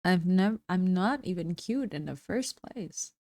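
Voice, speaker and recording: A woman's voice: lowish voice, lively intonation, a little slow, darkish tone, no echo, clean studio sound. A woman streamer chatting casually with viewers, reading their messages aloud and answering them, her voice a little worn. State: slightly losing her voice. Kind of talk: casual livestream chat reading.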